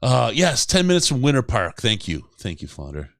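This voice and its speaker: A man's voice: mid-range voice, wildly swooping pitch, moderate pace, creaky, no echo, studio quality. A man hosting a casual sports podcast, rambling and joking and laughing often. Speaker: podcast host.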